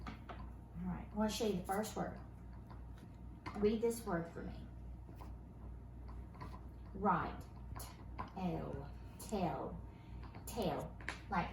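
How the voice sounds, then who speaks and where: A woman teaching a first grade phonics lesson, patiently encouraging her pupils to read each word aloud, recorded at home. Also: medium pitch. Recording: roomy, distant, noisy home recording.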